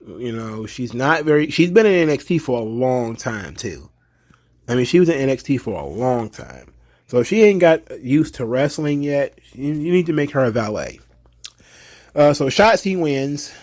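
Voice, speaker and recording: A man giving a casual, opinionated recap of a wrestling show as the channel's host. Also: medium pitch. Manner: chatty, opinionated, slips into animated impressions of fans.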